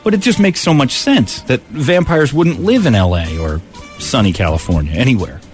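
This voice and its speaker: A man's voice: medium pitch, lively intonation, normal speed, faint music behind. A man co-hosting a radio talk show, joking and laughing through casual banter, often slipping into mock accents. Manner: jokey, laughs a lot, does mock accents.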